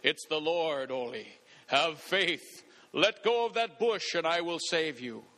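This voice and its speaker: A man voicing the Lord as a calm, reassuring male voice calling down from above in a joke told during a sermon. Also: on the high side, slow pace, big-room sound, heavily acted.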